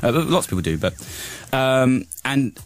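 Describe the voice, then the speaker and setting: A man's voice: mid-range voice, big pitch swings, moderate pace. A young man from the UK, a guest actor chatting enthusiastically in a radio interview, rambling and restarting his sentences. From United Kingdom. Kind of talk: casual radio interview chat.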